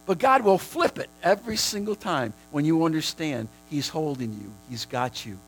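A man preaching a sermon, repeating phrases for emphasis and swinging between a hushed, prayerful murmur and high, shouted declarations. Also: animated, moderate pace, rough recording.

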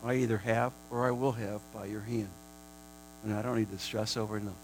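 A man preaching a sermon, repeating phrases for emphasis and swinging between a hushed, prayerful murmur and high, shouted declarations. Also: fairly even intonation, brisk, slight background noise, rough recording.

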